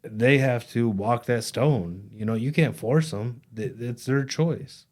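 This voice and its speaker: A man with an ordinary mid-pitched voice talks earnestly on a casual podcast. He sounds sincere and easygoing, with playful asides, recorded in an office at his workplace. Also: takes it slowly, a little mellow. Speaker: podcast co-host and peer recovery coach. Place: office in their workplace building.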